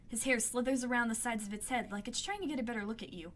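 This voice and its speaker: A woman hosting a gaming video, reading the game's story text aloud and breaking into excitable, squealing reactions. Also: a little high, fast, slight background noise.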